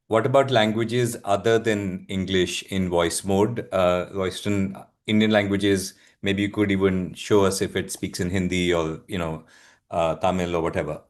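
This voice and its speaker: A man moderating an online session who asks his question slowly, haltingly. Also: deep voice, steady tone.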